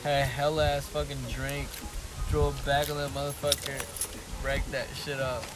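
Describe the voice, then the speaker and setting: A man's voice: mid-range voice, little pitch movement, measured pace. A young man bluntly telling a story in heavy slang and swearing to friends. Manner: slangy, profane, tells things bluntly. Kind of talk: casual podcast storytelling. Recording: loud background noise.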